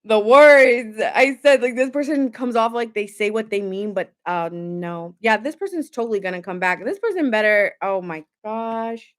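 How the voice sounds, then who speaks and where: A woman's voice: fairly high pitch, normal speed, hardly any pauses. A young adult woman giving a casual tarot reading to camera, talking emphatically with lots of filler words and open indignation. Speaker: tarot reader.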